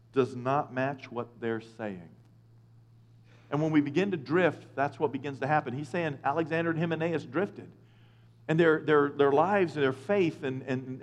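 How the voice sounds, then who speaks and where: A man preaching a conversational sermon, lively and joking, with quick asides. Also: mid-range voice. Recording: echoey hall with long reverb.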